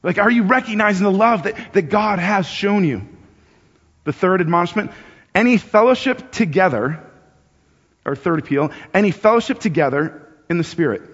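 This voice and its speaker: This pastor's high voice is a bit bright and husky, with lively intonation at normal speed. His sermon is loose and conversational, full of repeated words as he thinks aloud, and he raises his voice to act out urgent appeals. A long reverb from a large church hall fills the dull, muffled recording.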